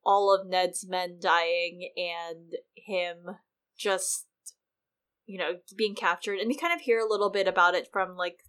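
A woman co-hosting a casual book discussion podcast, expressive and peppering her talk with "like" and "you know". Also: on the low side, unhurried. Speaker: podcast co-host.

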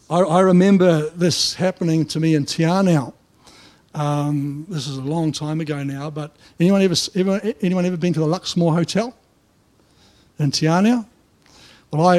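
A middle-aged man with a New Zealand accent preaching a sermon in church, telling personal stories in a colloquial, animated way. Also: fairly high pitch. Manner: down-to-earth, colloquial, animated storytelling. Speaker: pastor.

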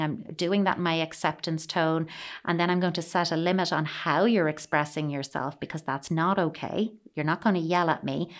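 A woman giving parenting advice in a calm, measured coaching tone, often saying "you know". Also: low voice. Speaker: parenting expert.

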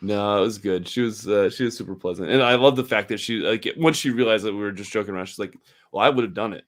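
A man's voice: lowish voice, fast talker. A man hosting a casual podcast chat, telling a funny story with lots of laughter and restarts. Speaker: podcast host.

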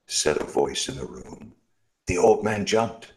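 A man reading a Christmas story aloud in a slow, expressive storytelling manner. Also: deep voice, poor audio.

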